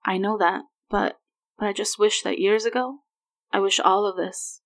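A woman reads the part of a remorseful grown man, halting and stammering as he fumbles for words. The voice sits at a middling pitch for her, in a plain storybook reading. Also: fairly even intonation, natural voice. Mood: emotional. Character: remorseful grown man, emotional former agent.

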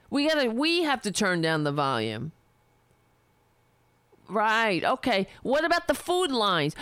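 A woman's voice: fairly high pitch, sing-song, normal speed, a bit bright, clear, resonant tone, no echo. A woman delivering a heated, sarcastic, profane political rant, speaking for herself. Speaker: political commentator.

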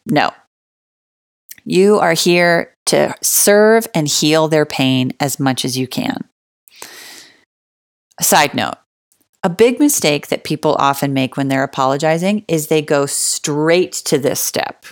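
Woman, low voice, casual advice talk, emphatic, conversational, dry sound. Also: takes it slowly, no echo. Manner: emphatic, stresses key words, acts out example dialogue; conversational fillers like "like" and "you know". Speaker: relationship advice speaker.

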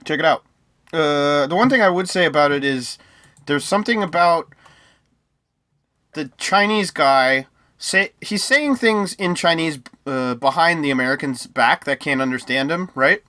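A man with a bright, forceful, slightly high voice co-hosts a casual movie review chat. He talks in a chatty, joking way and spins playful conspiracy theories. The sound is dry and close. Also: animated, unhurried, no echo. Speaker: podcast co-host.

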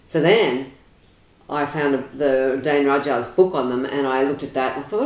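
A woman's voice: very deep voice, normal speed. A woman, an astrologer, telling her story at length in a chatty, rambling way with frequent ums. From Australia. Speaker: astrologer guest. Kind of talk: casual storytelling interview. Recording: roomy echo.

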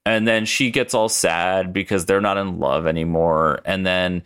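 A man's voice: low-pitched, fairly even intonation, a little slow, hardly any pauses, a bit bright, clear, resonant tone. A young man hosting a casual podcast, rambling, swearing and laughing as he recaps a story tape. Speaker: podcast co-host.

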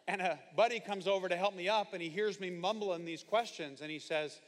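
A man preaching a sermon, telling stories with animated, comic asides. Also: on the high side, moderate pace, few pauses. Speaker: pastor. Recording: hall reverb.

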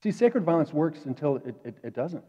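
A man preaching a sermon in a conversational way, dropping to quiet asides and rising to emphatic peaks. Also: on the high side, big pitch swings, a little fast, husky. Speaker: pastor. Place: church sanctuary. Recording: dull echoey church hall.

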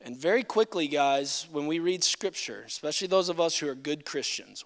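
A male pastor preaching a sermon with animated, humorous delivery. He swings between loud declarations and quiet asides and acts out voices in quoted speech. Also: fairly high pitch, normal speed, few pauses.

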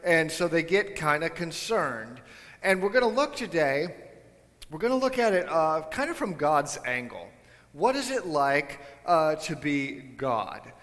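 A man preaches in a church sanctuary, talking to his congregation in a loose, conversational way and tossing in jokey asides. His voice sits a little high for a man. The sound hangs in a long hall reverb. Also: very animated, measured pace, a bit bright. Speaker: pastor. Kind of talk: sermon.

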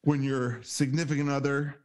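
A man in casual podcast banter, animated and profane, acting out exasperated quotes. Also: medium pitch, normal speed. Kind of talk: casual chat.

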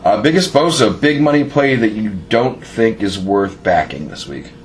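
A man's voice: lowish voice, normal speed, crowd noise. A man hosting a casual sports podcast, joking and talking over his co-hosts. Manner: joking, lively, talks over others. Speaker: podcast host.

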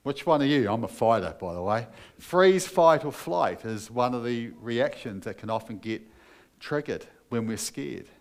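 A man's voice: medium pitch, animated, normal speed, vocal fry. A man preaching a sermon as pastor, earnest and emphatic, putting questions to his listeners.

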